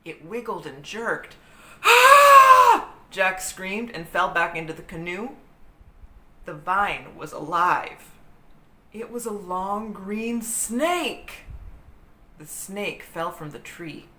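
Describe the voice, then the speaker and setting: Slow, expressive woman reading a story aloud. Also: lowish voice. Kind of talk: children's book read-aloud. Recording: roomy echo with faint hiss.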